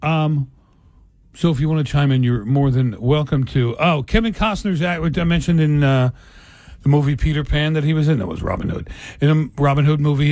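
A man's voice: on the high side, a little mellow, no echo. Chatty New Jersey radio host man. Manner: rambling, chatty, with many fillers. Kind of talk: casual radio chat.

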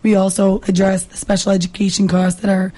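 A hoarse woman from Massachusetts with a raspy voice, a state representative talking earnestly as a guest in a radio interview, with many fillers and restarts. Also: mid-range voice, completely flat delivery, brisk, mellow. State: hoarse, lost her voice.

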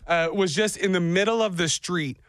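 A man's voice: high voice, normal speed, fairly bright tone, no echo. A man hosting a radio show, chatting casually and acting out goofy voices for dogs and people.

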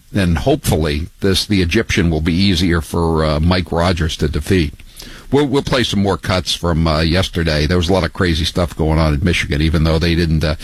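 An older man hosting a talk radio show, talking in a halting way with many fillers and mocking asides. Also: low-pitched, no echo, low-quality recording. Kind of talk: talk radio monologue and calls.

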